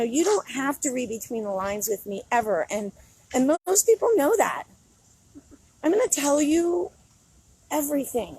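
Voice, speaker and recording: A woman's voice: sits high, a little mellow, slightly rough, dry recording, low-quality recording. A middle-aged woman on a casual outdoor phone livestream, talking candidly and rambling, often breaking into laughter. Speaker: vlogger. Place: outdoors in a city.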